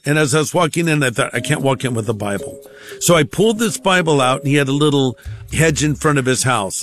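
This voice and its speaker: A male pastor shares a personal testimony in a conversational sermon style, his voice a little high and fairly bright. He acts out the voices of other people as he quotes them.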